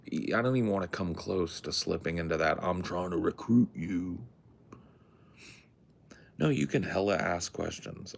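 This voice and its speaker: A low-pitched, gravelly-voiced man co-hosts a podcast from his home in the woods at night. The chat is laid-back, profane and rambling.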